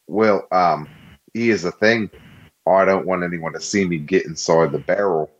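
Man, player, very deep voice, slightly dull recording, casual plotting. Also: a little slow. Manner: plotting, conversational, swears casually. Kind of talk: tabletop game play.

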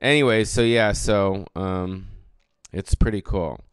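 A man in his late forties ranting on his own podcast, rambling and swearing, with loud bursts of bravado and mumbled trailing fillers. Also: fairly low pitch, slow, clear, resonant tone, no echo. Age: 40s. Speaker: podcast host. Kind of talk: profane comedic rant.

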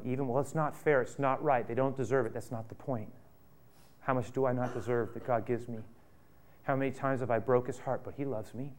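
Impassioned male pastor preaching. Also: mid-range voice. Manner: impassioned, repetitive, with rhetorical questions; swings from loud bursts to hushed asides. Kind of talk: sermon.

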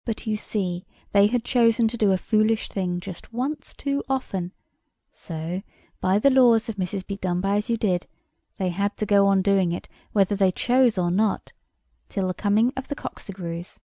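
Gravelly, mellow woman reading a story. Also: mid-range voice, normal speed, no room sound, studio quality. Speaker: audiobook reader. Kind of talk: storybook narration.

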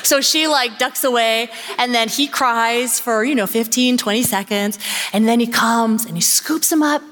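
A woman podcast host delivering a sermon-style message as an animated storyteller who acts out voices. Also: fairly high pitch, moderate pace.

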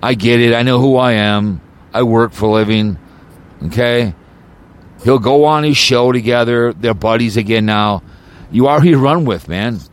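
A man's voice: medium pitch, moderate pace, smooth. A man hosting his own podcast, delivering an agitated, rambling rant full of repeats and stumbling restarts. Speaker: podcast host.

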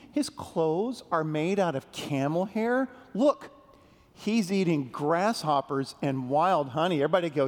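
A man leads a children's sermon in a big church sanctuary, his fairly high voice carrying a long reverb off the walls. He talks very slowly and gently, drawing the kids in with playful questions and call-and-response. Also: animated. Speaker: pastor leading a children's message.

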